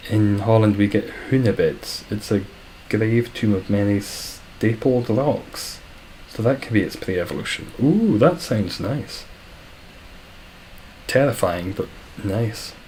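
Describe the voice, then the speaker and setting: A man's voice: fairly low pitch, unhurried, darkish tone, slight background noise, low-quality recording. A Scottish man chatting casually on a live stream, reading out viewer comments with dry, self-deprecating humour. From Scotland.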